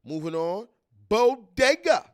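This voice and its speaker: A man's voice: high voice, sing-song, slow pace. A man from New York with a New York accent, hosting a live stream and chatting casually, repeating himself and restarting his sentences. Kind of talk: casual commentary reading a list.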